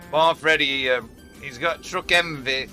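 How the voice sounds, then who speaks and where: Cheery man streamer host, bright, slightly high voice, music and game sounds underneath. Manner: chatty, cheery, laughs often. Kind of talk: casual gaming stream chat.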